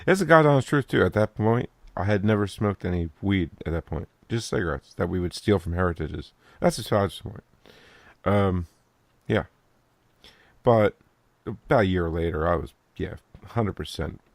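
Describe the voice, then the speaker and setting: A man with a gravelly, fry-heavy voice and a slightly low pitch tells rowdy stories with plenty of laughs and swearing. His voice is recorded close and dry, with no room sound. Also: moderate pace, dry recording. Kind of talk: casual chat.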